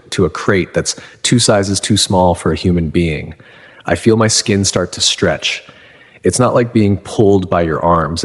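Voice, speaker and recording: A man in his thirties from Texas, telling his own story in first person, earnest and halting, often breaking off and restarting. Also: low voice, husky. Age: 30s. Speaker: narrator. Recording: long reverb with music underneath.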